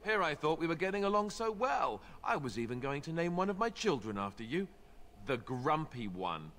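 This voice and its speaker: Alistair, a wry young warrior. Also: male voice, on the high side, very animated, normal speed, fairly bright tone, slight background noise. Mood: sarcastic. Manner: sarcastic, playful. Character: wry young male warrior, joking and self-deprecating. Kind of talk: video game voice acting.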